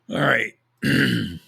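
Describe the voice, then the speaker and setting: A man hosting a live podcast, chatting casually with a hoarse, froggy voice, rambling and correcting himself as he goes. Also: on the high side, fairly bright tone. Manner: rambling, self-correcting, chuckles at own jokes. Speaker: podcast host. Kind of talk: casual live-stream chat.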